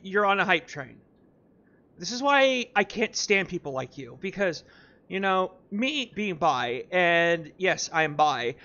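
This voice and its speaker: High, bright-voiced man ranting bluntly. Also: dull audio. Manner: blunt, sarcastic, swears. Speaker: commentator reacting to a clip. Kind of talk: reaction commentary.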